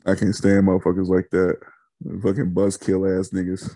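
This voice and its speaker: A man's voice: low voice, moderate pace, no room sound, studio quality. Profane laughing man on a podcast. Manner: profane, animated, laughing often. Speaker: podcast co-host. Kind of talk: casual chat.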